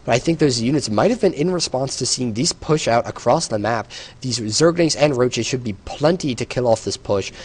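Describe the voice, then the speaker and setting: A man's voice: medium pitch, lively intonation, normal speed. A tired man giving solo play-by-play commentary on a strategy game, explaining the action with some hesitations. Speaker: esports caster.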